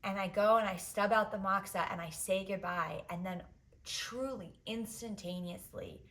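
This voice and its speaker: A woman's voice: medium pitch, normal speed, fairly bright tone. A woman podcast host telling a candid personal story, emotional and profane, with many "like"s. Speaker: podcast host giving advice.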